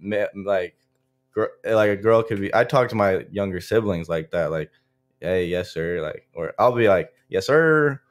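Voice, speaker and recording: A man's voice: low-pitched, fairly even intonation, normal speed. A young man, a college football player from Florida, telling stories in a loose interview chat full of likes and restarts. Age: young adult. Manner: loose, filler-heavy, frequent likes and restarts. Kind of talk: casual interview storytelling.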